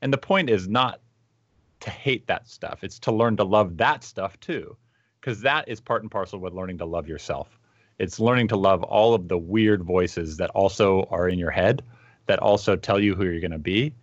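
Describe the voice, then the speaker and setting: A man co-hosting a podcast over a video call, musing aloud with many fillers and telling stories in an animated way. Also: sits low, moderate pace, no echo, highs cut off. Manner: thoughtful, animated storytelling with frequent fillers. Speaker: podcast co-host. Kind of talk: casual conversational discussion.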